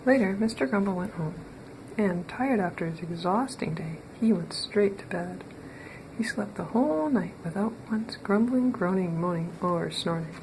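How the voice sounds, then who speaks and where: A woman reading a children's storybook aloud in an expressive, playful way, with a slightly creaky voice. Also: mid-range voice, normal speed, noisy background. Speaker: storybook reader. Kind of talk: children's read-aloud narration.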